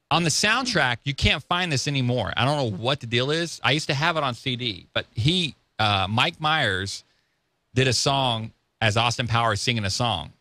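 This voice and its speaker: Man, talk show host, animated storyteller, bright, close dry sound. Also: medium pitch, normal speed, no room sound. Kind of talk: casual radio-style talk show chat.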